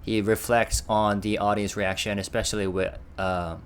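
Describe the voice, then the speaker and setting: A man's voice: fairly low pitch, little pitch movement, normal speed. A young man hosting a casual reaction video, chatting and stopping often to react and translate. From Korea.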